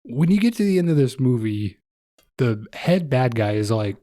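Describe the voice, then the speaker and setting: A man's voice: medium pitch, big pitch swings, normal speed, warm tone. A man co-hosting a podcast, chatting casually and laughing along. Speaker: podcast co-host. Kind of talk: casual chat.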